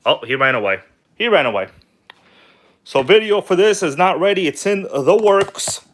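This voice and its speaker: A man's voice: sits high, expressive, normal speed, a bit bright. A man hosting a casual hobby livestream from home, talking loosely and joking with viewers. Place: at home, kitchen table.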